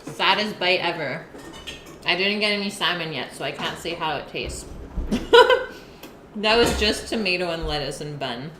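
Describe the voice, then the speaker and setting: This live-stream cooking host eats while chatting casually with her audience, stopping between bites to read their messages. She sounds animated, and her voice is slightly low for a woman. Her home kitchen gives the audio a roomy feel with noticeable background noise.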